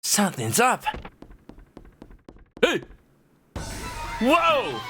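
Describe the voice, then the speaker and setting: A man's voice: medium pitch, very animated, takes it slowly, long pauses. A man streaming a video game, joking playfully and slipping into silly voices. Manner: playful, jokey, slips into voices. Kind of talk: gaming commentary. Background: game music.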